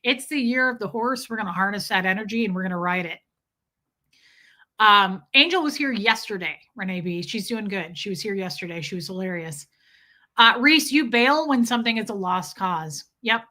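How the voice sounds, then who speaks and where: A woman's voice: medium pitch, lively intonation, normal speed, bright, forceful tone. A woman hosting a casual livestream, reading chat and rambling, cooing over her cat and swearing offhand. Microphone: streaming setup.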